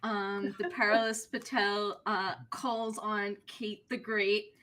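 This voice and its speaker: A woman playing a tabletop role-playing game, describing her character's actions slowly and deliberately. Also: medium pitch, little pitch movement, fairly bright tone. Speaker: player. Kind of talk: casual tabletop play.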